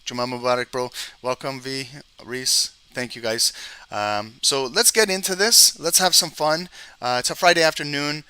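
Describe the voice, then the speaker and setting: A man hosting a live trading stream, talking quickly and excitedly through market charts and checking in with viewers. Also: mid-range voice, clear, resonant tone, dry recording. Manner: fast-talking, excited, frequent "okay?" check-ins.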